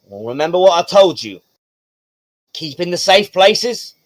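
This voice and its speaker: A man voicing a gruff, folksy father who gives his young daughter stern warnings before leaving her. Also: high-pitched, very animated, measured pace, no echo, pitched above the performer's own voice. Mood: gruff, fatherly.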